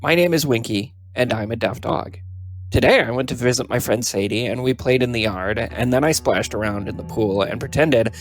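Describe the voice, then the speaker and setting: A man voicing a cheeky, energetic deaf female cow dog, reading her diary entries in a playful, boastful way. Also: mid-range voice, moderate pace, no echo, lightly acted.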